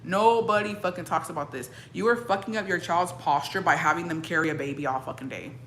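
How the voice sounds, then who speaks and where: A woman's voice: fairly low pitch, fairly quick, fairly bright tone, slight background noise. A young woman with a Mexican-American accent, switching into Spanish, chatting bluntly and profanely with her viewers. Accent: Mexican-American English with Spanish code-switching. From Mexican-American family. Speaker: streamer. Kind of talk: casual chat reacting to viewers.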